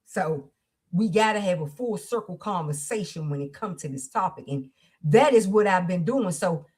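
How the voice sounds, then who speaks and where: Hosting a livestream support circle, this woman speaks with the fervor of a preacher. Her voice sits at medium pitch and carries a breathy edge.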